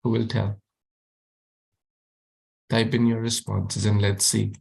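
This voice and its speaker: A man's voice: on the low side, level tone, takes it slowly, creaky, darkish tone. A man teaching a youth class over a video call, encouraging students and repeating his questions.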